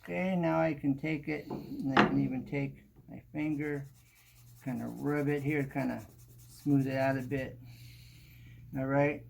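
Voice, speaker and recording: A man's voice: on the high side, vocal fry. A man hosting a home improvement how-to, talking casually as he works and often saying "kinda". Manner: relaxed, talks while working, repeats "kinda" often. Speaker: home improvement show host.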